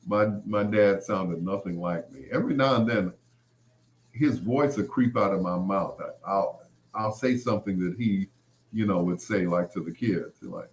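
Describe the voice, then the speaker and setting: A middle-aged man hosts a show, telling stories in a low voice. His delivery swings up and down a great deal, and he laughs and drops "you know" asides all the way through. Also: animated, moderate pace. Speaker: podcast host. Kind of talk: storytelling monologue.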